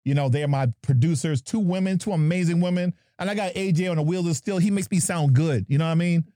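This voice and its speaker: A man's voice: a little high, quick pace, mellow, dry recording, clean studio sound. A man from New Jersey hosting a podcast, joking and playful as he introduces his guests. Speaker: podcast host. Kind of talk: lively podcast chat.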